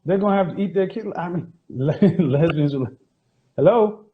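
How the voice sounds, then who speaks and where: A man's voice: fairly high pitch, brisk, narrow, tinny audio, a little hiss or hum. A man hosting a live stream, lecturing and teasing his audience in a provocative, mocking way. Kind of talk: casual live-stream monologue. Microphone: phone.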